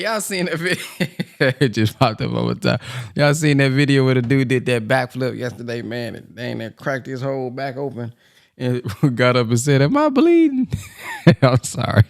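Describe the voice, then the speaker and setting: A man's voice: medium pitch, unhurried, gravelly. A man hosting a call, chatting casually with folksy exclamations and laughter. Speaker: host. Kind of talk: casual chat.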